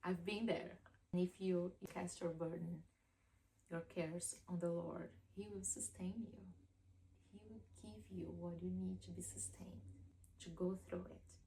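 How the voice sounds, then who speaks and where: A woman speaking to the camera in a heartfelt devotional talk, earnest and pleading, sometimes sinking into a soft whisper. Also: fairly low pitch, level tone, a little slow, gravelly, rough recording. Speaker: faith video speaker. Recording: faint background noise.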